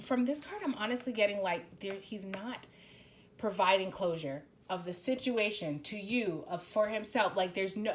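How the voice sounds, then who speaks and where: A woman's voice: mid-range voice, a little hiss or hum. Woman giving a blunt, profane tarot reading. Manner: blunt, swears freely, rambling with many restarts. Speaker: tarot reader. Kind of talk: casual spoken tarot reading.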